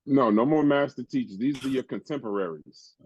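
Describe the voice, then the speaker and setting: A man's voice: mid-range voice, a little fast, darkish tone, muffled recording, slight background noise. A man hosting a casual podcast chat, laughing often and talking in loose slang. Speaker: podcast host.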